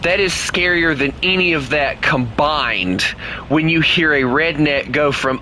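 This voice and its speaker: A man's voice: a little high, takes it slowly, slight background noise, low-quality recording. A man giving casual, joking commentary while playing a game with a friend. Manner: joking, animated banter with a friend. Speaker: gaming streamer.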